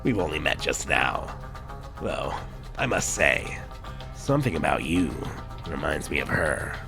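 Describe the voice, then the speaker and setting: A man voicing a calm, gruff female harpy schemer in a video game with a low, gravelly, growled delivery. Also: measured pace, over music, exaggerated voice. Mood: conspiratorial.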